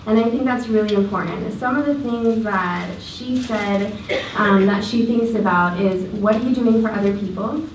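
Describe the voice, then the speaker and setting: Young woman student host, chatty with fillers, distant roomy sound, slight hiss. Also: mid-range voice. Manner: chatty and halting, many fillers. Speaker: student event organizer introducing the speaker. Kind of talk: casual introduction speech. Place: lecture hall.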